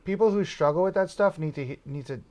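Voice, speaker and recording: A man's voice: a little high, quick pace, darkish tone. A man appearing as a podcast guest who talks candidly and expressively, often restarting his sentences. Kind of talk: casual podcast chat.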